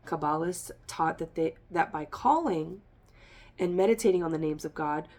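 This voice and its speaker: A woman's voice: lowish voice, a little mellow. Chatty woman giving a spiritual reading. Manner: rambling, emphatic, addresses listeners directly. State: congested. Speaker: tarot reader.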